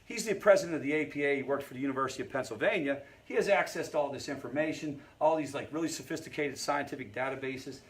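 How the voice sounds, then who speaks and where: A man's voice: mid-range voice, quick pace, few pauses. A man who leads a family recovery group, teaching in a conversational way and often checking in with the audience. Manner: conversational, storytelling asides.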